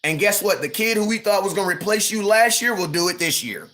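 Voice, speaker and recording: A man in his thirties hosts a casual live stream sports rant, his voice bright and forceful and a touch higher than most men's. He talks in an animated, mocking way, slipping into quick impressions and laughing often. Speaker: livestream host.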